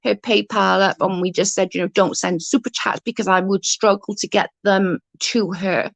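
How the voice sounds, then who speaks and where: A woman's voice: medium pitch, fairly even intonation, moderate pace, vocal fry, no room sound. A woman ranting to her livestream viewers, indignant and swearing, speaking straight to her chat.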